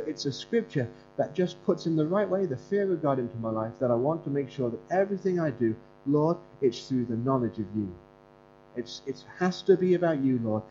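A man preaching in a conversational, earnest storytelling way, with some fillers and restarts. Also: mid-range voice. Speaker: pastor and Bible school leader. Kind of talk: conversational sermon. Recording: dull lo-fi recording with mains hum.

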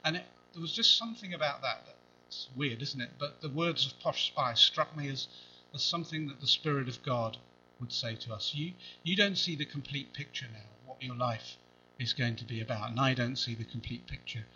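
A man delivers a sermon in a chatty, conversational manner, dropping in wry asides. His voice is bright and forceful. The recording sounds slightly dull, with a faint hum underneath. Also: mid-range voice, normal speed. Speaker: preacher.

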